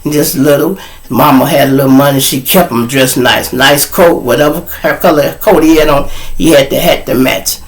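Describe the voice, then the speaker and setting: A middle-aged man, hosting his show and telling a profane, animated story straight to his audience. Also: mid-range voice, moderate pace. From Chicago. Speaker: show host. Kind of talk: storytelling monologue.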